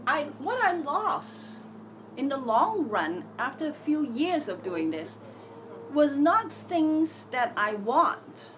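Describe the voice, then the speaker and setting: Lively middle-aged woman, noisy bird-filled backdrop. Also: mid-range voice. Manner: acts out voices in her head, lively and candid. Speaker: self-help teacher. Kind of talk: casual reflective monologue.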